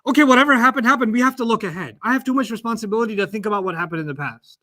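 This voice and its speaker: A man's voice: sits high, rapid-fire, sharp tone. A man voicing a defensive, self-justifying eldest brother during a lesson.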